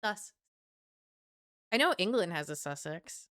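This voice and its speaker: Bright clear-voiced woman streamer. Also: fairly high pitch, moderate pace. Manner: chatty, playful, swears freely. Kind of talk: casual stream chat.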